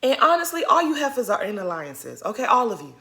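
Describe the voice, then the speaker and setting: Young female recap commentator, bright voice, sassy and exasperated delivery. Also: fairly high pitch, very animated, fast. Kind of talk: casual commentary.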